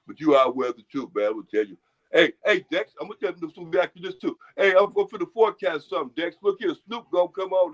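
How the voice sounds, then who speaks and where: A man with a fairly high voice rambles through a casual chat, looping back on his own words and dishing out folksy advice. The audio is muffled and lo-fi.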